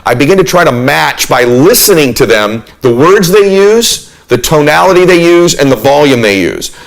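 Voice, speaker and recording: A man's voice: fairly high pitch, sing-song, normal speed, gravelly, poor audio. Middle-aged guy doing a motivational talk, earnest and punchy, plays with his pace and volume. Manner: earnest, emphatic, shifts pace and volume to demonstrate. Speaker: motivational speaker.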